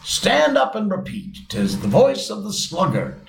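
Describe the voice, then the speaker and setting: A man voicing an impatient, solemn male griffin who talks in a brisk, bossy way. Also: high voice, huge pitch swings, creaky, pitched above the performer's own voice, full character voice. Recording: roomy with faint hiss.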